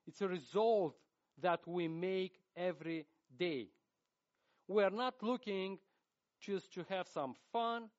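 A man preaching a sermon in English with a Russian accent, his first language Romanian. He speaks slowly and haltingly, voice a touch higher than most men's. The recording sounds dull and muffled. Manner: slow, halting delivery with frequent fillers and restarts.

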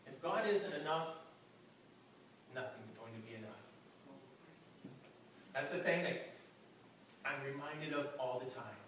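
A man's voice: medium pitch, lively intonation, a little slow, pauses often, a bit bright. A man preaching a sermon earnestly, often repeating words and restarting as he goes. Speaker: pastor. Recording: very echoey room, voice from a distance, faint background noise.

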